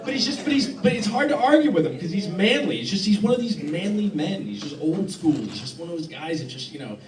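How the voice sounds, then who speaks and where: A man performing a deadpan stand-up set in a club, halting and restarting often, recorded by a phone in the crowd. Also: high voice, echoey room, far from the mic, background noise. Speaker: stand-up comedian. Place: club hall with live audience laughing.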